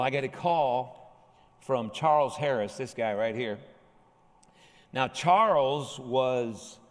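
A male pastor telling a lively, humorous story from the pulpit in a large church sanctuary. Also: mid-range voice. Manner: animated anecdote with humorous asides. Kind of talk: storytelling sermon. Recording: long hall reverb.

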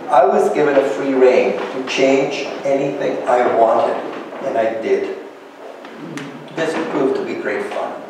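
A man speaks to a live audience, explaining things in a measured lecture style with a touch of light humor. His voice sounds far from the microphone and carries a long, echoing reverb. A faint hum of room ambience sits behind him. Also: medium pitch, darkish tone. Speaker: author giving a public reading. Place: large lecture hall. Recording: echoey hall, voice from afar, faint ambience.

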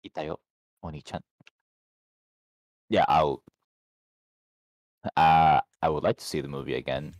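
A man's voice: very deep voice, level tone, measured pace, long pauses, a little mellow, no room sound, dull audio. A man co-hosting a podcast, chatting about films in a playful, jokey way with casual swearing. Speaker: podcast co-host. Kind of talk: casual film review chat.

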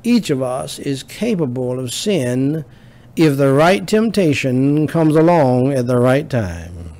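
Gravelly, slow-preaching pastor man. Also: mid-range voice, big pitch swings, mellow. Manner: preaching with rising emphasis and repetition. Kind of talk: sermon.

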